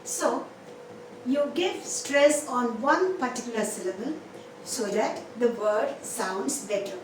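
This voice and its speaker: A high-voiced woman gives an English pronunciation lesson at an unhurried pace. She poses questions, answers them herself and repeats each example word. The recording is echoey and a little distant, with faint noise behind her. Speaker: English teacher.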